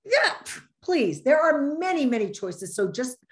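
A middle-aged woman speaking as a panel guest, telling personal stories in a lively way with many fillers. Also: high voice, measured pace. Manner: animated storytelling, many fillers. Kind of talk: casual panel discussion.

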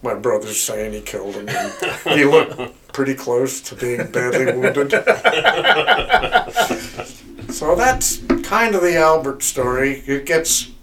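An older man, a guest on a podcast, telling stories from his childhood in a relaxed, chuckling way. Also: mid-range voice, takes it slowly, recorded from a distance. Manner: chuckling, rambling storyteller. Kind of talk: casual storytelling.

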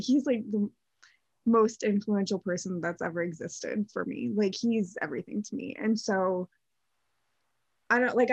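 A woman's voice: mid-range voice, no room sound. A woman co-hosting a podcast in casual chat, talking effusively and filling her sentences with "like". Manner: effusive, heavy use of "like". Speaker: podcast co-host. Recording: dull lo-fi dry sound.

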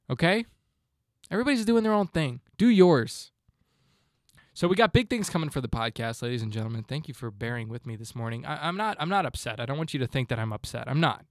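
A man's voice: on the high side, no room sound, studio quality. A man in his twenties hosting a solo podcast, talking in a fired-up, motivational ranting way. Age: 20s. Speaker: podcast host.

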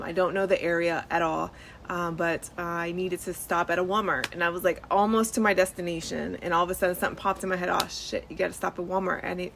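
A woman hosts her podcast from a front porch, telling a story casually and chattily with plenty of fillers and laughs. Her voice has a gravelly, fried edge, and faint outdoor ambience sits behind it. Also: on the low side, fairly bright tone, a little hiss or hum, rough recording. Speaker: podcast host and nurse.

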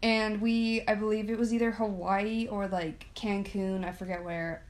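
A woman's voice: medium pitch, level tone, normal speed. A young woman co-hosting a casual podcast chat, telling stories in a rambling way full of "like" and frequent laughter. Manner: chatty storyteller, heavy use of "like", laughs often. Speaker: podcast co-host.

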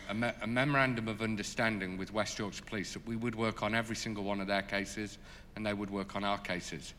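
A man telling stories in an interview as a charity leader, animated and full of fillers. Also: fairly low pitch, long reverb tail, a little hiss or hum. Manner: animated, lots of fillers, laughs as he tells it. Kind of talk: storytelling in an interview.

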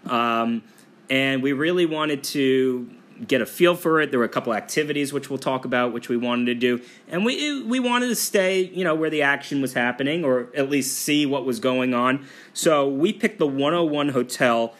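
Casual podcast co-host, male, bright and chatty, loose delivery with fillers. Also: mid-range voice, normal speed. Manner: relaxed, chatty storyteller with frequent fillers. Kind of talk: casual travel podcast chat.

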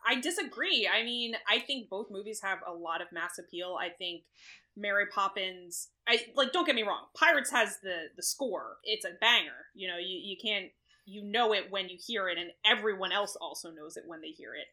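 A woman hosting a casual podcast chat, animated and opinionated, laughing often as she argues her picks. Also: mid-range voice, normal speed. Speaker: podcast host running a movie bracket.

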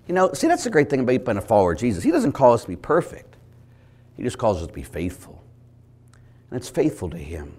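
A Catholic priest giving a lively preaching talk, an animated storyteller with sudden loud bursts and chuckles. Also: male voice, medium pitch, fast, breathy edge.

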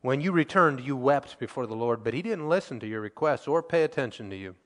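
A man preaching a sermon, reading scripture aloud and acting out quotes, his loudness swinging between emphatic and quiet. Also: medium pitch, expressive, brisk, long reverb tail.

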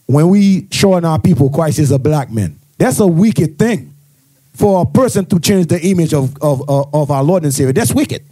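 A man's voice: on the high side, lively intonation, normal speed, warm tone, no echo. A man speaking heatedly in a bible study, repeating "you understand" to press his points.

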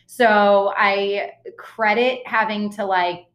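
A woman's voice: medium pitch, fairly even intonation, slow, a bit bright. A young woman, an actress, chatting casually as an interview guest, talking in a loose way with fillers and frequent laughs. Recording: roomy echo.

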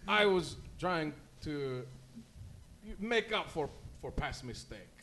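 A man's voice: a little high, expressive, slow pace, sharp tone, slight background noise, heavily acted. A man playing a clumsy team baker who drops articles and speaks in formal, stilted phrases. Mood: earnest.

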